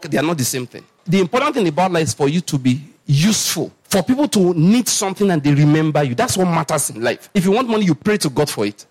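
A middle-aged Nigerian man preaching a sermon, telling stories in a lively, animated way with laughing asides. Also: on the high side. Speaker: pastor. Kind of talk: storytelling sermon.

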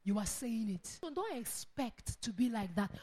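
High-voiced emphatic woman preaching. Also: very animated, moderate pace, warm tone, breathy edge. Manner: emphatic, repeats phrases, acts out quoted voices. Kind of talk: sermon.

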